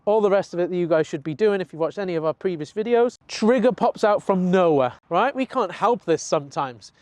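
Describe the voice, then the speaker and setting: High-voiced man explaining dog training. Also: animated, a little mellow, no echo. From United Kingdom. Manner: earnest, explanatory, acts out his dog's thoughts in quick asides. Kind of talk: talking-head training lesson.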